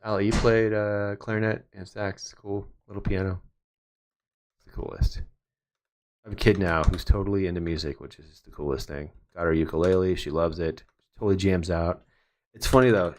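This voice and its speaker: A man's voice: low-pitched, darkish tone. A man in his thirties, a photographer chatting casually and rambling with joking asides while he works at his computer. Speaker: photographer doing a livestream. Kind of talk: casual chat while working.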